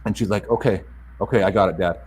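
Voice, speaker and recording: A middle-aged man telling a family story in a casual interview, animated and acting out the other voices in it. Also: lowish voice, quick pace, husky, poor audio. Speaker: podcast guest.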